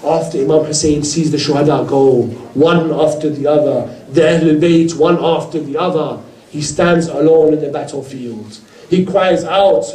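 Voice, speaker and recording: A man's voice: on the high side, moderate pace, dark tone. A man giving an emotional religious recital at a mourning gathering, rising dramatically at cries and pleas. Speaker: speaker at a Muharram gathering. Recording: roomy, distant hall mic.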